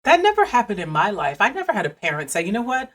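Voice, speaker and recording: A woman's voice: mid-range voice, huge pitch swings, fast, fairly bright tone. A woman in her forties co-hosting a podcast, chatting bluntly and laughing often. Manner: blunt, laughing, acts out quotes. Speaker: podcast co-host. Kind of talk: casual chat.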